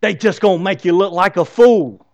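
A man voicing a personified male pride that shouts scornful warnings, pitched well above his own voice. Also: normal speed, muffled recording. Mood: shrill warning.

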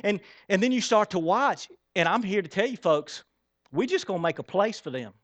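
Pastor guy preaching, fairly high voice, keeps asking the crowd stuff, dry room. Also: normal speed, no echo. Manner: animated, talks straight to the congregation with questions; acts out Bible characters in quoted voices. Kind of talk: sermon.

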